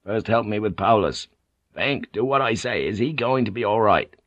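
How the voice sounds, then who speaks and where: A man as a calm commanding ship's pilot. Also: on the low side, moderate pace, no room sound, highs cut off. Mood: firm. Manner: quiet, firm.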